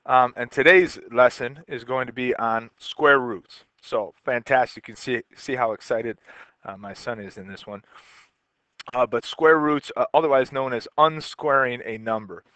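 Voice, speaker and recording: A man teaches a recorded math lesson casually, explaining step by step as he writes, often repeating himself and restarting. His medium-pitched voice is bright and forceful at normal speed, with no echo.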